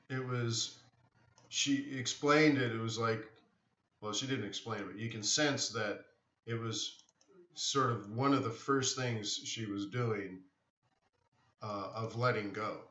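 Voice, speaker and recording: A man's voice: medium pitch, fairly even intonation, slow pace, pauses often, a bit bright. A man hosting a live trading stream, talking casually and rambling a bit as he answers viewers in the chat. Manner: rambling, answers chat questions, many restarts. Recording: roomy, distant, dull sound.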